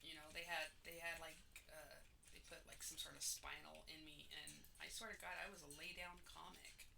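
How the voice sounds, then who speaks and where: A woman's voice: low-pitched, little pitch movement, moderate pace, vocal fry, bright, forceful tone, recorded from a distance, a little hiss or hum. A woman in her forties chatting casually while gaming on a stream, rambling with jokey, self-mocking asides.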